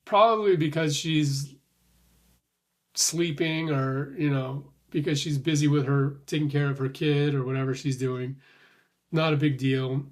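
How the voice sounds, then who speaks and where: A man rambles casually through his thoughts in a somewhat high voice, restarting sentences and swearing now and then. His breath sounds a little short. He keeps an easy, confessional flow. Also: fairly even intonation, a little slow. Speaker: vlogger. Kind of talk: casual thinking-aloud monologue.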